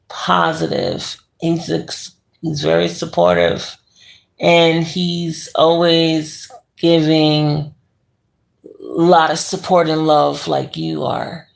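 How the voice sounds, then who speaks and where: Laid back streamer in bed, super slow talker, gravelly voice, rambly and giggly. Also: medium pitch. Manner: rambling, laughs often, slow and drawn out. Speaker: livestream host reading viewer chat. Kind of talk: casual live chat. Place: bedroom, lying in bed.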